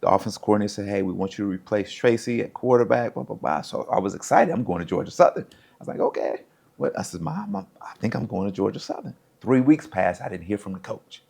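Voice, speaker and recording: Gravelly-voiced man telling animated stories. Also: on the low side, quick pace. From United States. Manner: animated storyteller, acts out quoted voices. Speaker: interview guest, former pro football player. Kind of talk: casual storytelling.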